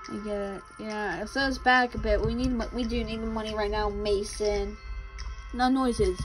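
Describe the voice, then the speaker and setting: A woman's voice: mid-range voice, fairly even intonation, moderate pace, over music, low-quality recording. A young woman giving casual commentary as she plays a game, reading out the characters' lines and answering them. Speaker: gamer.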